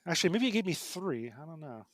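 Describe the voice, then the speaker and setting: A middle-aged game designer, guesting on a podcast, tells stories in casual conversation, often restarting and correcting himself mid-sentence. His voice is a little high, very animated, fast and fairly bright, with no echo.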